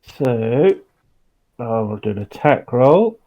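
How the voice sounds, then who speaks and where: Slow, hesitant man playing a tabletop game. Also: mid-range voice, big pitch swings, warm tone. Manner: hesitant, many fillers, unhurried. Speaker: player. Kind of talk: describing his character's actions in a tabletop game.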